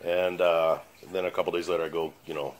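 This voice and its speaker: A man's voice: low-pitched, flat delivery, fairly quick, rough recording. A middle-aged man telling a dramatic personal story to his channel in a blunt, profane, casual way. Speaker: channel host. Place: his house basement.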